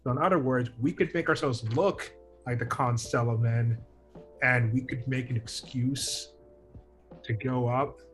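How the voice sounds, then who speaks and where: A man's voice: mid-range voice, measured pace, fairly bright tone, faint music behind. A man playing a tabletop game, thinking aloud through plans with frequent restarts. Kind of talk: casual game table chat.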